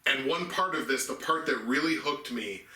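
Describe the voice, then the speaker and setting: Guy cohosting a movie chat, super bright voice, kinda far from the mic. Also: medium pitch, normal speed. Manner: earnest, restarts and hedges while explaining picks. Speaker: movie review co-host. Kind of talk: casual film chat. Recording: echoey room, mic set back.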